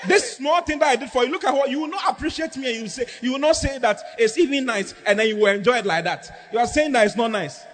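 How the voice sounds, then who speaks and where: A man putting on an indignant wife who shouts and scolds her husband during a sermon. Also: very high-pitched, extremely slow, few pauses, voice pushed up, heavily acted. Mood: indignant shouting. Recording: echoey hall, faint background noise.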